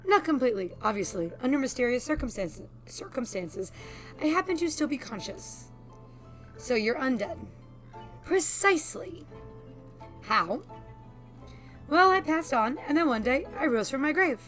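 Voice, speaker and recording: A woman voicing a polite undead man who has been an archivist for ages, with a bright, slightly high voice and an old-fashioned, courteous way of speaking. Game-character dialogue read aloud, no put-on accent. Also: lively intonation, moderate pace, pauses often, soft background music.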